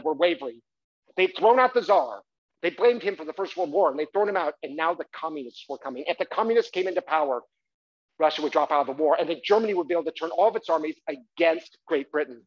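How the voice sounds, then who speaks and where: A man telling a story on a theatre stage in a lively, chatty manner, often turning to the audience with quick asides. His voice is a little high for a man. The live recording has a slightly muffled sound. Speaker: solo stage performer and storyteller. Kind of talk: one-man stage monologue.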